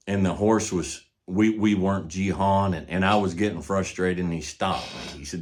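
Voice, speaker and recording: Speaking a little fast with hardly any pauses, an older man with a very deep, low voice tells easygoing, folksy stories about horses. A horse trainer giving casual instruction, he often lets his voice fade to a murmur at the end of a thought.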